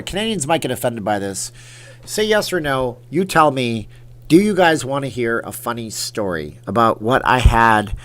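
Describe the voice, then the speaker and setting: A man's voice: mid-range voice, fairly bright tone. A man hosting a casual livestream and chatting with viewers, teasing them about a funny story. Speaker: livestream host.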